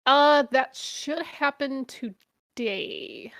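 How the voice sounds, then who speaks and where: A woman with a slightly high voice chats casually as a co-host. She is teasing and talkative, and keeps the exchange light. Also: very slow, a bit bright. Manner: teasing, chatty, laughs easily. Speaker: co-host reacting to a video. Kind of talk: casual chat.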